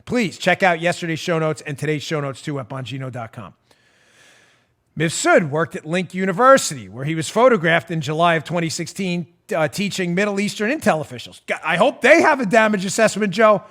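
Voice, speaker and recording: A man hosting a political talk show, sarcastic and laughing, swinging from loud jabs to hushed asides. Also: fairly high pitch, animated, a little fast. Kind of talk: animated political commentary.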